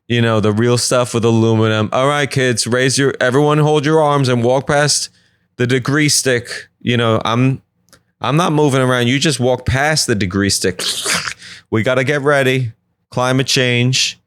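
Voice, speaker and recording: A man's voice: medium pitch, fairly even intonation, unhurried, clear, resonant tone, dry recording, clean studio sound. Man rambling through a solo comedy podcast. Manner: rambling, joking asides. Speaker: podcast host. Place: apartment.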